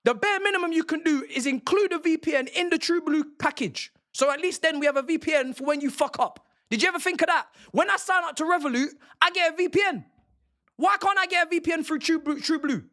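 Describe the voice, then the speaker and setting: A man's voice: very high voice, fast talker, sharp tone. A young man, a football streamer ranting angrily and with lots of swearing on a live stream. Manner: angry, profane, repetitive ranting.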